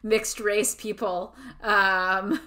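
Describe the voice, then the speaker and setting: A woman co-hosting a casual book podcast, sarcastic and quick to laugh. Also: medium pitch, flat delivery, pushed and bright. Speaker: podcast co-host. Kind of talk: casual book-discussion chat.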